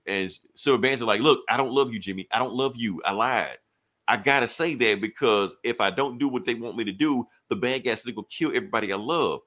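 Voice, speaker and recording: A young man co-hosts a podcast and breezes through a comic plot, dropping into quick quoted dialogue for each character. His voice sits a little low but sounds bright and forceful. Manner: animated storytelling, casual profanity, quick quoted dialogue. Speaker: podcast co-host reviewing comics. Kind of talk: casual chat, retelling a comic plot.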